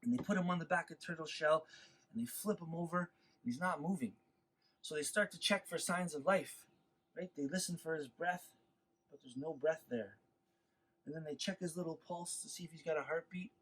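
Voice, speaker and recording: A man telling a traditional legend to schoolchildren in an animated, expressive way. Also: a little high, normal speed, breathy edge, low-quality recording. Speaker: storyteller.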